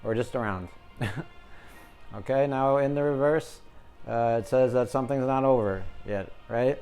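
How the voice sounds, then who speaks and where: A man's voice: mid-range voice, measured pace, darkish tone, clear, resonant tone. A man giving a casual, jokey tarot reading, talking to his viewers as the collective. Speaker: tarot reader. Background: music.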